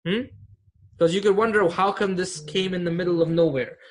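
A man's voice: sits high, fairly even intonation, moderate pace. A man teaching an online Arabic grammar class, explaining patiently and often checking that students follow.

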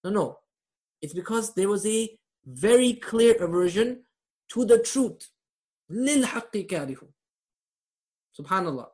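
A man's voice: high voice, lively intonation, normal speed, a little mellow. A man teaching a live online grammar class over a video call, quizzing his students and laughing at his own jokes.

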